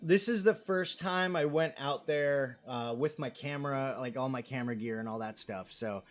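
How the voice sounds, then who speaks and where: With a mid-range voice at normal speed, a man in his thirties hosts a live stream. He chats and rambles through viewer comments, poking fun at himself.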